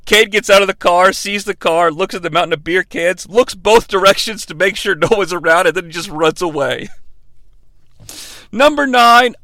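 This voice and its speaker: A man's voice: sits high, normal speed, gravelly, pushed and bright, no room sound. A man hosting a wrestling podcast, joking casually and mimicking the people he talks about. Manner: jokey, mock-impressions of wrestlers. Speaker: podcast host.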